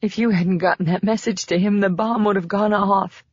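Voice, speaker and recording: A man's voice: high voice, steady tone, normal speed, no room sound, highs cut off, voice pushed up. A man voicing a trembling grieving woman. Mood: distraught. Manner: trembling, pleading. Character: grieving young woman friend, shaken.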